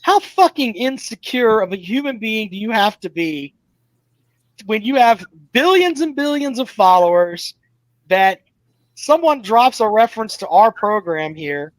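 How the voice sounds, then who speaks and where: A man's voice: sits high, big pitch swings, a little slow, dry recording, low-quality recording. A man hosting a casual sports talk show with callers, blunt and profane.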